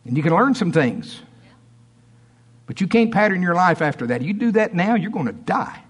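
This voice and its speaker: Male preacher, folksy and emphatic, a touch higher-pitched than most men, jumps between big loud lines and soft asides. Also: big pitch swings, moderate pace, breathy edge. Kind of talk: sermon. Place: church.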